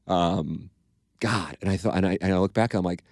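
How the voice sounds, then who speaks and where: A middle-aged man with a low voice tells profane, self-mocking stories as host of a casual podcast. The sound is dry and close, with no room around it. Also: fairly even intonation, fairly quick, a little mellow, no room sound. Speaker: radio show host.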